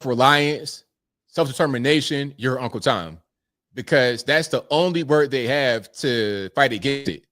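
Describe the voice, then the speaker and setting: A man's voice: mid-range voice, a little slow, fairly bright tone, no echo. Chill guy on a livestream going through chats, dry close mic sound. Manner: laid-back, thanks viewers one by one. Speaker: livestream host reading super chats. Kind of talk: casual livestream chat.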